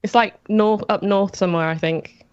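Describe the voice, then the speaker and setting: A woman's voice: medium pitch, fairly even intonation, normal speed, clear, resonant tone, dry recording, highs cut off. A woman answering quiz questions on a live stream, hesitant and giggly. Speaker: quiz contestant. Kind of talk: casual chat.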